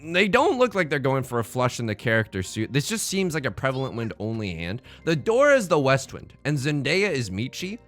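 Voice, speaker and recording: A man hosting a let's play, giving excitable, joking, meme-heavy commentary on his own game. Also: mid-range voice, a little fast, hardly any pauses, soft background music. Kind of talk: live gameplay commentary.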